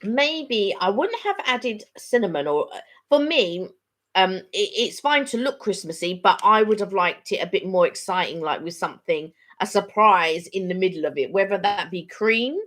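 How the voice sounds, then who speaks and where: A middle-aged woman, co-hosting a casual live stream and sharing her opinions in an expressive, chatty way. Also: medium pitch, moderate pace.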